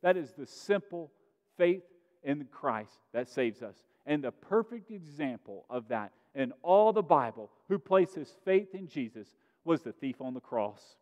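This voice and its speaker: A man preaching a sermon as pastor, earnest, pushing his voice up for emphasis and then dropping to a quiet tone. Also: on the high side, big pitch swings, a little slow. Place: church sanctuary. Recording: muffled sound in a reverberant sanctuary.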